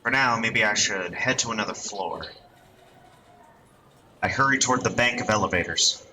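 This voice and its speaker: A man reading a visual novel aloud with expressive, lightly comic narration. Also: fairly low pitch, normal speed, a little hiss or hum, poor audio. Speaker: let's-play reader.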